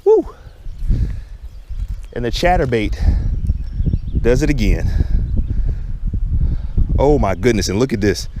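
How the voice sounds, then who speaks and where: A man vlogging from the shore, chatting casually to viewers in an excitable, chatty way, recorded outdoors. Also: mid-range voice, a little slow, long pauses, background noise. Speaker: fishing vlogger. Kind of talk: casual talk to camera. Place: outdoors on a lakeshore.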